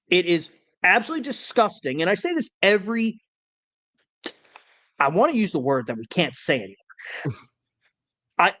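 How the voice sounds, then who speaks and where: A man's voice: a little high, a bit bright, dry recording. A young man co-hosting a sports podcast, ranting in a worked-up way and stammering when heated. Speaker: podcast co-host. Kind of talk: casual sports podcast rant.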